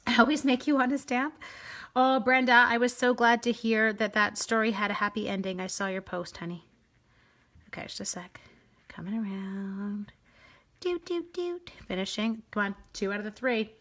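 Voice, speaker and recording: A woman's voice: medium pitch, level tone, moderate pace, fairly bright tone. A middle-aged Canadian woman with a Canadian accent, chatting to viewers as she demonstrates a live stamping craft.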